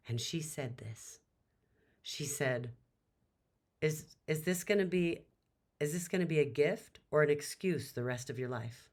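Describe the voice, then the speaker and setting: A woman giving a motivational talk, telling a story dramatically and emphatically, with her voice climbing sharply at emotional peaks. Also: low voice. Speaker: motivational speaker.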